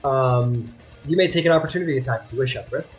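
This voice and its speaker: A man narrating as game master of a tabletop game, chatty and quick to apologize. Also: mid-range voice. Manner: lively, chatty, apologetic asides. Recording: faint guitar music behind.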